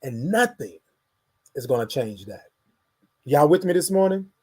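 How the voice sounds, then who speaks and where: A man's voice: a little high, very animated, measured pace, mellow, husky. A man hosting a motivational morning show, talking in a repetitive, preacher-like, encouraging way. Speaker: host.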